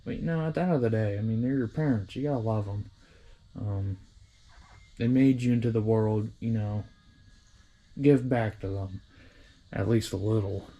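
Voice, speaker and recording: A man's voice: lowish voice, moderate pace, long pauses, mellow, lo-fi sound. A young man talking casually in his home workshop, rambling and swearing freely as he explains his repair work. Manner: rambling, profane, self-deprecating. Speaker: hobby vehicle restorer.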